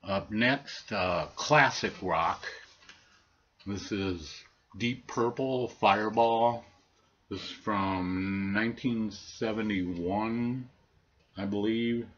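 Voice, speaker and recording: A man's voice: on the low side, extremely slow, fairly bright tone, dull audio. A man casually talking through his record finds in a laid-back, hesitant way, with lots of ums and uhs. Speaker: record collector showing vinyl finds.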